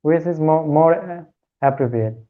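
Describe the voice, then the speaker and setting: A man's voice: on the high side, a little slow. Hesitant polite man on a tinny call. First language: not English. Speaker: English learner. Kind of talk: deferential call-in questions.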